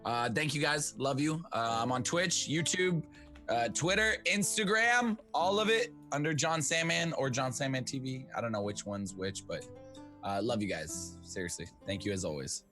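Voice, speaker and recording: A man's voice: medium pitch, animated, normal speed, sharp tone, faint music behind. A man who plays in a tabletop game, chatting in a giggly, self-deprecating way. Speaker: player. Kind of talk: livestream sign-off chat.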